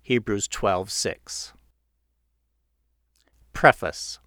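A man reading his own book aloud in a measured, earnest narrating style. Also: fairly low pitch, a bit bright, no echo, clean studio sound. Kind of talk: audiobook narration.

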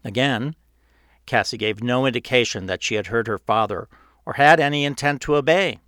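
A man reading his own book aloud in a measured, earnest narrating style. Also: mid-range voice, a bit bright, no echo, clean studio sound. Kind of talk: audiobook narration.

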